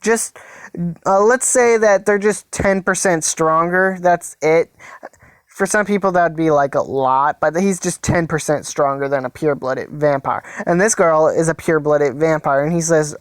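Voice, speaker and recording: A woman rambles through a story in a casual, halting way, full of fillers and restarts. Her voice is smooth and clear, a little on the low side, and recorded dry and close. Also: no echo. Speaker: fan story narrator.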